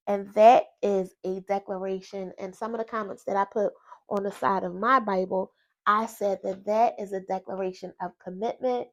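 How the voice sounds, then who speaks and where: A woman's voice: mid-range voice, steady tone. Chatty woman giving casual Bible talk. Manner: chatty, folksy, with quick asides and laughs. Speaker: faith vlogger. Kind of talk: casual Bible study chat. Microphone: personal microphone.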